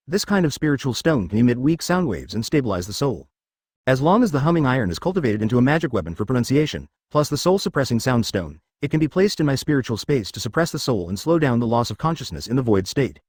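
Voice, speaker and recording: A man voicing a calm, knowledgeable male cultivator companion in a fantasy storybook reading, explaining things steadily. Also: mid-range voice, dry recording, studio quality.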